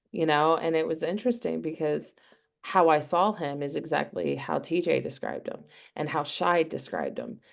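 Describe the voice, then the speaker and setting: A woman's voice: lowish voice, vocal fry. A woman guest on a video call, telling stories in a rambling way full of "you know" fillers. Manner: rambling storytelling with many fillers. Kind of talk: casual chat.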